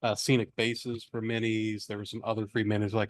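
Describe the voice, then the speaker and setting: A man's voice: fairly low pitch, level tone, fairly quick. A man in a casual group podcast, upbeat and jokey, telling stories. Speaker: podcast regular.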